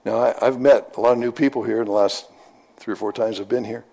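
A man's voice: mid-range voice, fairly even intonation, quick pace, creaky, mellow, husky. Folksy conversational male preacher. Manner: conversational, folksy storytelling with repetition. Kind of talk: sermon.

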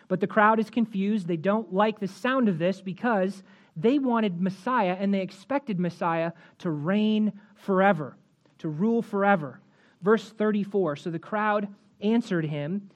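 A woman preaching a sermon, walking through scripture verse by verse and rising in pitch and force at emphatic points. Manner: rises in pitch and volume at emphatic points, slows for key phrases; expository, walks through verses.

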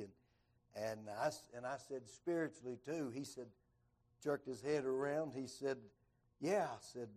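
A preacher with a drawl works his way through an evening sermon, folksy and conversational. His voice sits at a medium pitch. He leans into the quoted lines, so the talk keeps a lively storytelling feel. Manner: folksy storyteller who acts out quoted dialogue with rising, lively voice.

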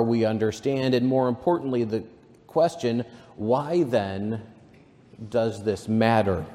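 A male pastor giving a sermon in a measured, earnest way. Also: medium pitch, warm tone, in a large hall.

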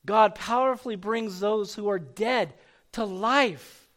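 A man's voice: high-pitched, slow, a bit bright. A man preaching a sermon as pastor, reading scripture and building to emphatic calls to his congregation. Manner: preaching with rising intensity, calling out names.

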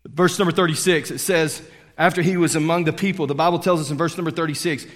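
A middle-aged male pastor delivering a sermon, swinging between loud preaching and hushed storytelling. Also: on the high side, steady tone, quick pace. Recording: long hall reverb.

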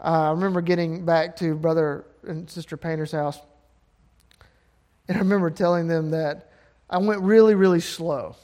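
A man's voice: high voice, darkish tone. A man from Alabama with a Southern accent, preaching a sermon with impassioned, emphatic build-ups. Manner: impassioned, rising to emphatic peaks.

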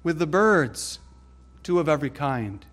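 A man preaching a sermon, deliberate and emphatic, building stress through lists of scripture. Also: fairly high pitch, animated, a bit bright.

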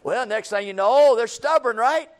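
A man's voice: very high voice, moderate pace. A man preaching a sermon, folksy and repetitive, building to emphatic calls and acting out everyday scenes.

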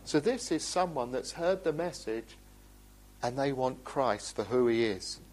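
A man preaching a sermon in a church, earnest and pleading, moving between urgent appeals and quiet, gentle asides. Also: medium pitch, lively intonation, unhurried, low-quality recording. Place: church building.

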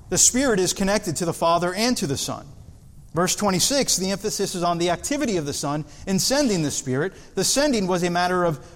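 A man preaching an expository sermon as pastor, earnest, pressing key points with rising emphasis. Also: fairly high pitch. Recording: hall reverb.

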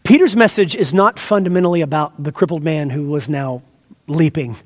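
A pastor with a high voice delivers an earnest, teacherly expository sermon at a moderate pace, stressing key words and breaking off for asides to his listeners. A long reverb makes his voice ring out as in a church sanctuary.

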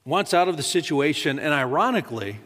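A long reverb tail follows a pastor's fairly high, fairly quick voice as he preaches in a church sanctuary. He talks in a casual, conversational manner, often repeating words and voicing quoted lines with rising pitch.

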